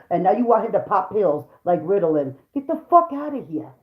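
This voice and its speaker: A woman's voice: mid-range voice, lively intonation, brisk. A woman rants to her viewers in a heated, foul-mouthed stream, repeating her points for emphasis. Her voice carries a roomy echo. The sound is dull and lo-fi. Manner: heated, profane, repetitive, talks straight to viewers. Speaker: vlogger, mother. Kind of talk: angry profane rant to camera.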